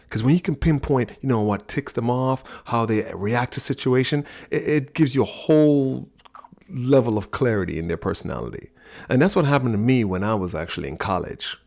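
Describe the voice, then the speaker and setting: A middle-aged man hosting a talk on personality types, telling a story in an animated way. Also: fairly low pitch, creaky. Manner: animated storyteller, acts out quoted voices. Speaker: podcast host teaching personality types.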